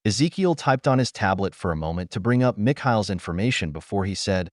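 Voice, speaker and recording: A man with a low voice narrates an audiobook, reading in a lively, expressive way with wide swings in tone. The recording is dry and close, with no room sound around it. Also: a little fast, hardly any pauses, dry recording.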